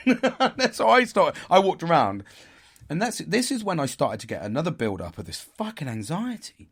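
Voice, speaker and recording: A man telling a story in a casual, animated way. He swears a lot and laughs at himself. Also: fairly high pitch, normal speed, breathy edge. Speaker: podcast host.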